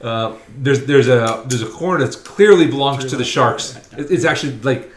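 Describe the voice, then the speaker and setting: A man's voice: medium pitch, normal speed. Male game master, echoey room. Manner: relaxed, chuckling scene-setter. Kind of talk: narrating a tabletop game.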